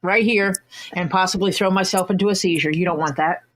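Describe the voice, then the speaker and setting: A woman's voice: lowish voice, steady tone, a little fast. A woman co-hosting a casual livestream chat, speaking frankly and openly. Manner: frank, talks about her anxieties.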